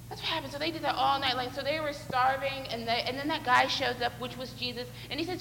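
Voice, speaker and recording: A woman with a high, bright voice leads children through a playful, acted-out Bible lesson. She coaxes them along with questions and pretend actions. Her voice rings around a large church sanctuary with a long, echoing reverb. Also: fast, creaky, hardly any pauses, slight background noise. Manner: playful, coaxing, acts out fishing with the children. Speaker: children's sermon leader. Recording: echoey hall with long reverb.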